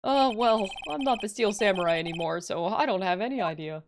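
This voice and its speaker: A woman's voice: medium pitch, expressive, brisk, far from the mic, noisy background, lightly acted. Woman doing a meek, apologetic man. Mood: sheepish. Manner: hesitant and apologetic. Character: meek soft-spoken middle-aged man, a former TV hero actor.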